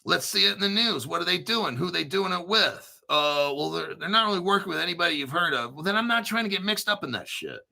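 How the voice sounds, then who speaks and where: A man's voice: high-pitched, lively intonation, fast talker, vocal fry, few pauses, pushed and bright. A man hosting a crypto livestream, talking in a blunt, profane, rambling way and reading viewer chat aloud. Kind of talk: casual livestream commentary.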